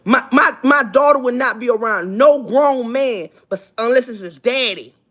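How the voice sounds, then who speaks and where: A woman's voice: a little high, moderate pace, a bit bright. A woman hosting a gossip livestream, lecturing in a preachy, emphatic way and repeating her points. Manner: preachy, repetitive, emphatic, asks for amens. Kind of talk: livestream commentary.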